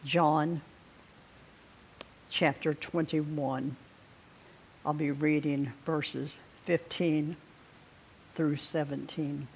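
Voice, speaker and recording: A man preaching a sermon, reading scripture aloud slowly and deliberately, with pauses to clear his throat. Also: fairly high pitch, flat delivery, slight background noise.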